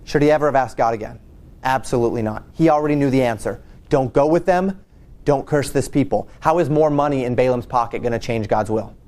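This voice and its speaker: Male pastor, sermon, conversational storytelling, restarts and repeats, middle pitch. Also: fairly quick, a little mellow.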